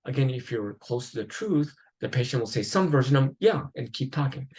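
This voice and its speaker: A man's voice: mid-range voice, animated, fairly quick, a little mellow, husky, poor audio. A man lecturing at a psychiatry conference in a conversational way, with fillers, restarts and the odd laugh.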